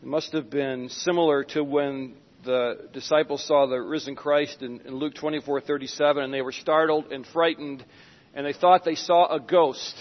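A man preaching a sermon as pastor, dramatic, with sudden hushed drops and acted-out Bible scenes. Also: on the high side, fairly even intonation, moderate pace. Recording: dull sound with long hall reverb.

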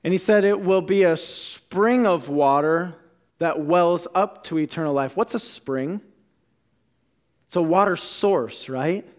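A man preaching a sermon as a pastor, deliberate, dropping to a hushed voice on key words. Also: on the high side.

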